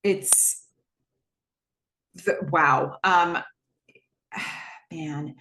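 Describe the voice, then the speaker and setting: A woman's voice: low-pitched, fairly even intonation, drawn-out words, bright, forceful tone, slight background noise. A woman hosting a podcast, casually retelling a TV episode scene by scene, with many "like"s and ums. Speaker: podcast host.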